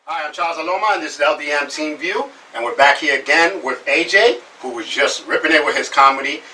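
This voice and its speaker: A man hosting a show, interviewing a comedian casually, with a halting delivery full of fillers. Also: a little high, sharp tone, recorded from a distance, rough recording. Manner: halting, many fillers and restarts. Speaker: show host.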